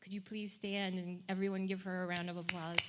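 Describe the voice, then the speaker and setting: A woman's voice: fairly low pitch, flat delivery, brisk, very noisy. A woman from Alaska, a tribal administrator, giving an earnest, emotional welcome speech at a public event. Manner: emotional, earnest, formal introductions. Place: public event before an audience.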